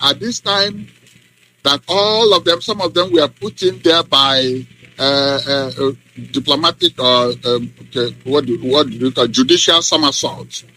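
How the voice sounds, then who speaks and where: Man, middle-aged, radio interview guest, forceful, emphatic. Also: a little high, rough recording. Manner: emphatic, deliberate, with many ums. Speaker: guest professor and activist.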